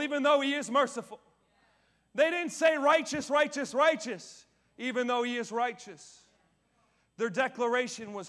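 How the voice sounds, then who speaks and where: A male pastor preaching a sermon on stage, full of energy, asking the audience questions and swinging from loud declarations to quiet asides. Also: extremely high pitch. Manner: asks the audience questions and answers them. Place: church stage.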